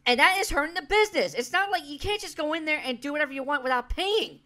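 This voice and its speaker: A woman's voice: sits high, lively intonation, fast, pushed and bright. Blunt, profane woman commentator. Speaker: commentary video host. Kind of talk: reaction commentary.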